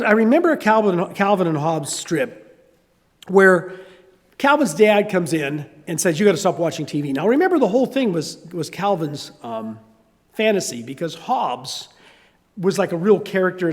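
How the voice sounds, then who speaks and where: An older man with a Southern US accent, a pastor, delivers a sermon in a high-pitched voice at moderate speed inside a large hall. He brings his stories to life, animatedly acting out the voices.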